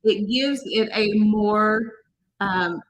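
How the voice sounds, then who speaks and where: A woman's voice: mid-range voice, very slow, poor audio. A woman demonstrating makeup in a casual tutorial, chatty and talking viewers through each step, sometimes quizzing them. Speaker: makeup artist demonstrating products.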